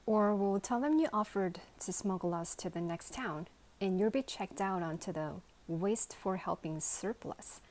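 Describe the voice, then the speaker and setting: Bossy toy pig, fierce and threatening, a woman doing him, slow. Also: medium pitch, darkish tone, close to an everyday voice.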